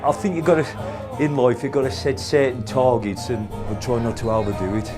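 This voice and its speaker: A man's voice: medium pitch, fairly even intonation, brisk, over music. A retired man, telling chatty anecdotes full of local slang with little chuckles. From Black Country, England. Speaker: retired pub enthusiast. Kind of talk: casual storytelling interview.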